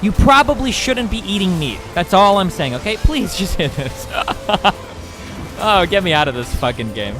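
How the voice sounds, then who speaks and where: A man's voice: high-pitched, very animated, normal speed, music in the background. A man streaming, talking casually and heatedly to his chat, profane and combative.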